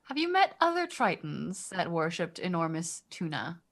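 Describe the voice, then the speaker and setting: A woman's voice: on the low side, big pitch swings, moderate pace. A woman playing her character in a tabletop game, speaking hesitantly with many fillers. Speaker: player. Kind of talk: in-character tabletop role-play.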